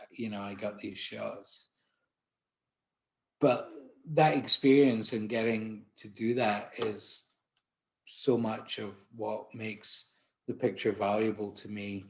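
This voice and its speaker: A man with a Glaswegian accent, a portrait photographer giving a conference talk, telling chatty, self-deprecating stories with frequent restarts. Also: fairly low pitch. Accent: Scottish, Glaswegian. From Glasgow, Scotland. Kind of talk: anecdotal presentation.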